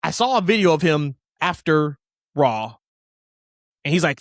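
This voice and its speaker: A man co-hosting a casual wrestling podcast, opinionated and emphatic, rushing through tangents. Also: on the high side, very animated, no room sound, studio quality. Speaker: podcast co-host.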